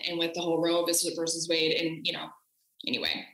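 A woman's voice: low voice, fairly even intonation, fast talker, a bit bright. American woman chatting in an echoey room. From United States. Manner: chatty, frequent fillers and restarts. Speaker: podcast guest. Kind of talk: casual conversation.

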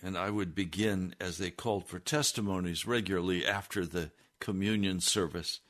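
A man preaching on a broadcast, telling a story slowly and deliberately. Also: sits low, steady tone, fairly bright tone. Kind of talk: sermon storytelling.

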